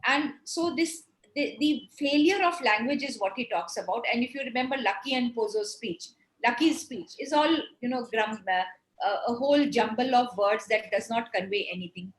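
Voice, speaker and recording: A woman lecturer talks through ideas with frequent restarts and fillers. Her voice sits high, and the room adds a clear echo. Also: normal speed. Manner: explanatory, many fillers and restarts. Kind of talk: online lecture with Q&A.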